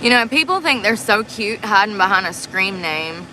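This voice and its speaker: A woman's voice: medium pitch, lively intonation, normal speed, bright, forceful tone, slight background noise. A young woman telling a blunt, profanity-laced story while doing her makeup in a parked truck, recorded on a phone camera. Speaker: vlogger livestreaming a get-ready-with-me.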